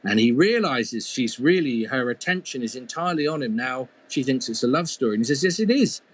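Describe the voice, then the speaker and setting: A man's voice: medium pitch, animated, a little fast. A man telling a folk tale as a storyteller, playful, with humorous asides. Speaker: storyteller and mythologist.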